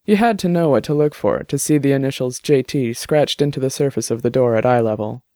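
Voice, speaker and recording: A man narrating a novel in a steady, even reading voice. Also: mid-range voice, a little fast, dry recording, studio quality.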